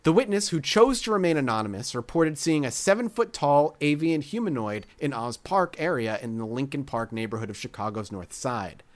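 Lively man reading a strange story. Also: mid-range voice, a little fast, hardly any pauses. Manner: jokey, reads quotes with asides. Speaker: podcast host. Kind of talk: casual chat, reading a story aloud.

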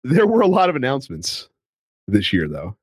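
Animated man hosting a podcast. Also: medium pitch, normal speed, slightly rough, dry recording, clean studio sound. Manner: animated, acts out quotes, swears freely. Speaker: podcast host. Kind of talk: casual chat.

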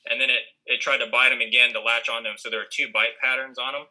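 Man, young adult, very bright voice, casual rambling storytelling, many fillers. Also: medium pitch, flat delivery, fast talker, poor audio. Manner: rambling, many fillers and restarts, acts out quoted lines. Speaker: guest telling a story.

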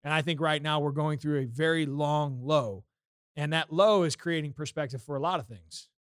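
A man's voice: a little high, normal speed, clear, resonant tone, no room sound, studio quality. A man co-hosting a podcast, giving earnest, reflective closing thoughts with casual swearing. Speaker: podcast co-host. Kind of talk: casual political chat.

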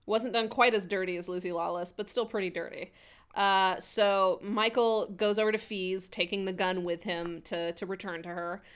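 A woman's voice: mid-range voice, fairly even intonation, normal speed, clean tone. A woman co-hosting a casual podcast recap, chatty and wry, reading from her notes and laughing easily. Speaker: podcast co-host.

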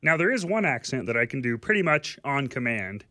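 A man's voice: mid-range voice, very animated, brisk, bright, forceful tone, no echo, studio quality. Kermit the Frog, as a man puts him on. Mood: playful. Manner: nasal, froggy, strained. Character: famous cartoonish male frog puppet, cheerful.

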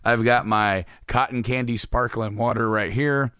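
A man co-hosting a casual podcast, telling a rambling, self-deprecating story with a slightly hoarse voice. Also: mid-range voice, fairly even intonation, normal speed, bright, forceful tone, no echo, clean studio sound. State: losing his voice. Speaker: podcast co-host. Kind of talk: casual chat.

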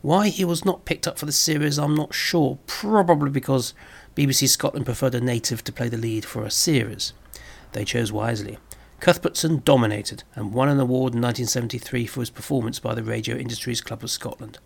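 A man presenting a scripted review of old television, speaking in a measured way with wry asides. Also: medium pitch, vocal fry. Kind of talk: scripted narration.

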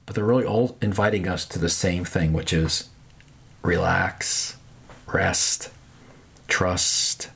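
Man, pastor, guided meditation, slow pace, gentle pauses, husky tone. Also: sits low. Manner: slow, gentle, with pauses and soft trailing endings. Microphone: podcast microphone.

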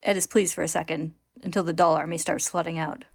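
A woman's voice: deep voice, little pitch movement, fast talker, no echo, clean studio sound. A woman hosting a podcast, retelling a manga chapter in a wry, sarcastic way with casual laughs. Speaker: podcast host recapping a manga. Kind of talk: casual recap narration.

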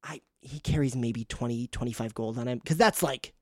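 A woman's voice: very deep voice, moderate pace, dry recording, clean studio sound. A woman player in a tabletop game, chatting and joking casually.

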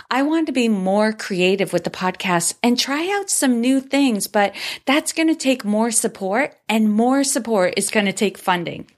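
Woman podcast host, solo episode, upbeat and grateful, medium pitch. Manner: upbeat and grateful, reads listener reviews aloud.

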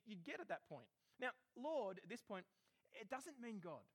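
A male preacher giving a sermon, animated and lively, often acting out quotes in different voices. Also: high-pitched, normal speed.

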